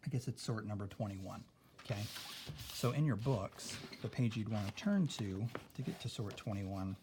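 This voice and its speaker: Low-voiced man teaching a spelling lesson. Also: expressive, noisy background. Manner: explains slowly, adds "okay?" often.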